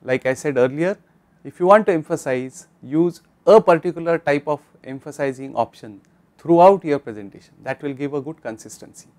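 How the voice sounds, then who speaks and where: An Indian English-accented man teaches a recorded online course lesson. His voice sits a little high, and he speaks instructively, often turning to address the viewer directly. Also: normal speed, darkish tone. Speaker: lecturer.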